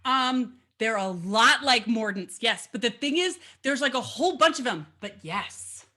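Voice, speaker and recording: Bubbly high-voiced woman fiddle teacher. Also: animated, measured pace, pushed and bright. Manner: bubbly and chatty, with playful asides. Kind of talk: casual online music lesson.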